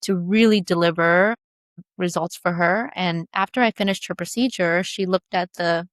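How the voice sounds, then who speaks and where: A woman guest, a brow tattoo business founder, telling her personal story in an interview in emphatic, animated bursts. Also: fairly low pitch, moderate pace, no room sound, clean studio sound.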